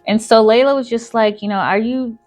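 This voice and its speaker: A woman's voice: fairly high pitch, fairly even intonation, fast, darkish tone. Brief: woman storyteller, casual and rambling, faint music underneath. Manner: rambling, filler-heavy retelling.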